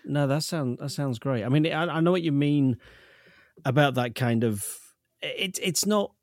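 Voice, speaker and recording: A man's voice: fairly high pitch, moderate pace, no echo, clean studio sound. A man with a northern English accent, co-hosting a casual podcast chat in a playful, teasing way. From northern England. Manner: playful, teasing, supportive listener. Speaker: podcast co-host.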